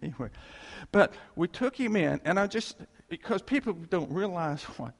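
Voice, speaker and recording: Man with gravelly voice in echoey hall. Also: high voice, animated. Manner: rambling, halting storytelling with chuckles. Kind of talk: informal testimony to a congregation. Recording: long hall reverb.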